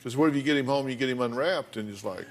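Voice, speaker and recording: A man's voice: medium pitch, heavy background noise. A man, hosting a studio talk show and probing his guest with folksy questions. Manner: folksy, probing, reads letters aloud slowly. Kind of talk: studio interview. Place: television studio.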